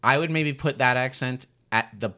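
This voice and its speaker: A man's voice: medium pitch, moderate pace, pushed and bright, smooth. Male podcast co-host, mid-range voice, loose rambling chatter full of "like" fillers. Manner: rambling, leans heavily on "like". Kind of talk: casual chat.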